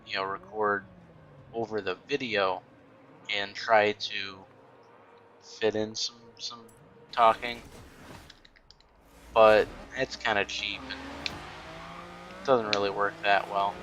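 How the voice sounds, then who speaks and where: A man's voice: fairly low pitch, sharp tone, slight background noise, rough recording. A man giving casual, rambling commentary while playing a racing game, full of ums and restarts. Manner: rambling, many fillers and restarts. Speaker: gaming YouTuber.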